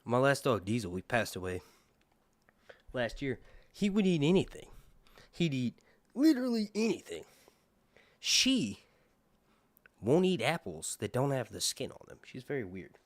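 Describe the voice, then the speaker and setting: Man hosting a casual stream, animated pitch, dead-dry close mic. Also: unhurried, long pauses, no room sound. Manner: chatty, rambling, talks to his dog and viewers. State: out of breath. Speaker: livestream host. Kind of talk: casual livestream chat.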